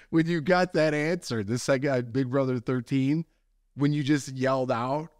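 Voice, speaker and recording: A man's voice: mid-range voice, measured pace, a little mellow, clean tone, dry recording, clean studio sound. A man co-hosting a podcast, chatting casually and playfully retelling a story, acting out the voices of the people in it. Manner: playful, quotes famous movie lines in put-on voices. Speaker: podcast co-host. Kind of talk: casual chat.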